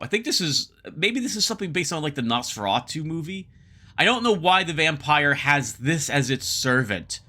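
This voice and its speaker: A man's voice: a little high, big pitch swings, moderate pace, sharp tone. A man narrating his solo board game playthrough in casual commentary, thinking aloud, muttering asides and reading card text aloud. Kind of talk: casual let's-play commentary. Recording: background music under the voice.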